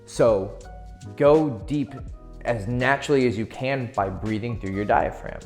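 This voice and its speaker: A man's voice: on the low side, normal speed, creaky, faint music behind. A man giving casual dating advice, loose and profane, laughing easily as he explains. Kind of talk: casual instructional talk.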